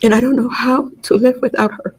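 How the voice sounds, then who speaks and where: A middle-aged woman reading a prepared victim impact statement in court. She speaks in a measured, grieving way and makes small slips as she reads. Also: a little high, fairly even intonation, darkish tone, slightly rough, rough recording.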